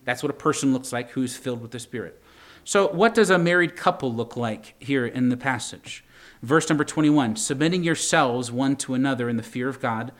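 Man, young adult, pastor, conversational sermon, mid-pitched voice. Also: normal speed. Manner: conversational preaching with asides to the congregation.

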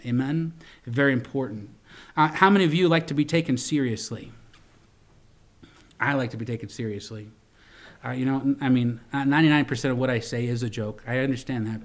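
A middle-aged man preaching a sermon, calling "Amen?" to the congregation and telling folksy stories with many restarts. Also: a little high. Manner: repeats words and restarts, folksy storytelling. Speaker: pastor.

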